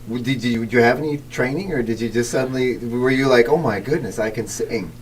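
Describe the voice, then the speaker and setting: A man's voice: mid-range voice, brisk, far from the mic, a little hiss or hum. A man hosting a radio interview, encouraging his guests with short affirmations and rambling questions. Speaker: radio host.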